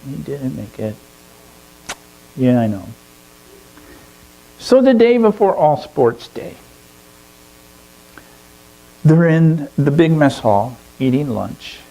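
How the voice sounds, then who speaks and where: A man telling a long story to a fellowship gathering in an animated way, often chuckling. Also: fairly high pitch, rough recording. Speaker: speaker at a fellowship service. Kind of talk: storytelling sermon.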